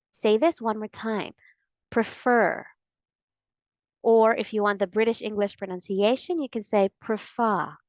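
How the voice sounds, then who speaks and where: A woman giving a scripted English pronunciation lesson, saying model words slowly and clearly. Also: mid-range voice, no echo.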